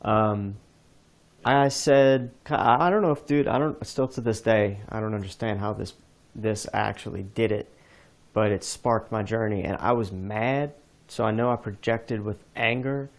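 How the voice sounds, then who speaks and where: A man's voice: lowish voice, a little slow. A man hosting a podcast, telling a rambling story in casual chat with many restarts. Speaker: podcast host.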